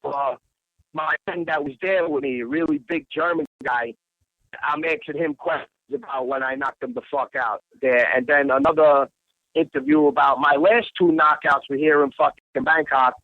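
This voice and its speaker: Calling in to a casual podcast from Bangkok, Thailand, a bar owner tells a rambling, profanity-heavy story. His voice is fairly high and steady in tone at a moderate pace, with no echo, over dull lo-fi podcast audio.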